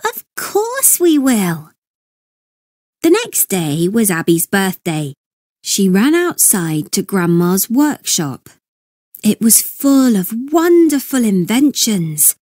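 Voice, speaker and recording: A woman reading a children's story aloud slowly and expressively. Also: no echo, studio quality. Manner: slow, expressive storytelling with lively pitch. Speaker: storybook reader.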